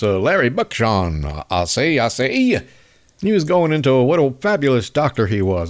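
A man's voice: medium pitch, huge pitch swings, moderate pace. A man hosting a podcast, delivering a sarcastic, mocking comedic political monologue. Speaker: podcast host.

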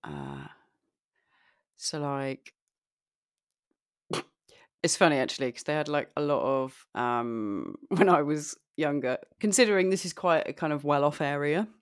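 A woman's voice: sits low, lively intonation, a little slow, pauses often, no echo, studio quality. A young woman from southeast England with a southern English accent, co-hosting a casual podcast chat, laughing often and hedging with fillers. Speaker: podcast co-host.

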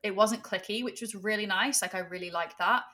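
A woman's voice: medium pitch, fairly quick, sharp tone. A woman, a sex coach, hosting a podcast in casual chat, effusive and enthusiastic.

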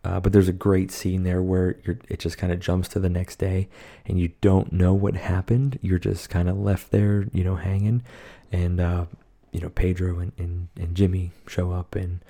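A man's voice: sits low, monotone, normal speed, vocal fry, mellow. A man co-hosting a podcast, casually recapping a horror movie in a rambling, profane way with lots of fillers. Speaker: podcast co-host.

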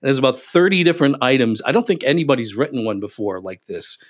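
Animated man telling stories in an interview. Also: mid-range voice, fast. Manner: animated, emphatic, acts out quotes. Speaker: podcast guest, business speaker. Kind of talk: casual interview storytelling.

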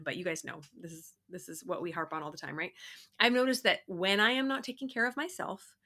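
A woman's voice: lowish voice, pushed and bright. A middle-aged woman co-hosting a podcast, chatting earnestly and laughing often. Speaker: podcast co-host. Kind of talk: casual chat.

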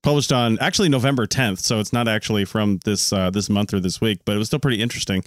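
Laid-back lower-voiced male podcast host. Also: quick pace, no room sound, studio quality. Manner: joking, laughs often, relaxed. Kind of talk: casual chat.

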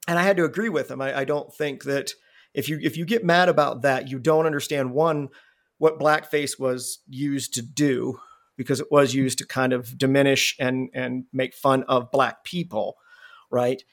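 A man's voice: medium pitch, steady tone, a little slow. A man hosting a podcast in casual chat, rambling and profane, restarting his words. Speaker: podcast host.

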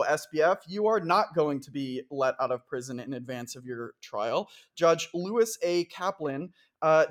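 A man hosting a casual news podcast. His voice sits a little higher than most, and he talks in a wry, chatty way as he reads out quotes and explains them. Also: a bit bright. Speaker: podcast host.

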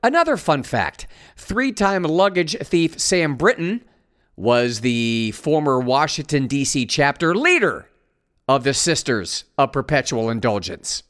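A man's voice: a little high, big pitch swings, measured pace, fairly bright tone. A man hosting a commentary show, reading news items aloud and mocking them with sarcastic asides. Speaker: host.

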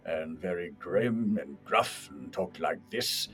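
Man voicing old lighthouse keeper, gravelly, gruff, slow, deep. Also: animated, fairly bright tone, soft background music, exaggerated voice. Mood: grim. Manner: slow, joyless. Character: grim gruff older male lighthouse keeper.

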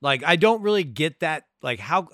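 A male podcast co-host who riffs sarcastically and swears freely in a casual film chat. His voice is bright and sharp, sitting a little high, and it is recorded dry and close. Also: expressive, moderate pace, no echo. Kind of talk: casual movie review chat.

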